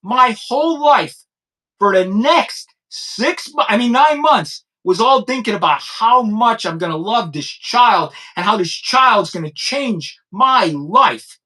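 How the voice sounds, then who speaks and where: A man's voice: high voice, expressive, bright, forceful tone, poor audio. A man in his fifties hosting a crime-commentary show, talking bluntly in an unscripted monologue and repeating his points. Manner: blunt, repetitive, heated; subdued and halting when recounting personal loss.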